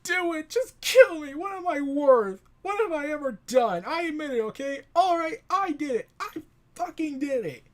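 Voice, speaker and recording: Brief: a broken male superhero, as a reviewer puts him on, shrieking high and tearful, voice cracking upward. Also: very animated, moderate pace, fairly bright tone. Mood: despairing. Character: despairing washed-up male superhero begging to die.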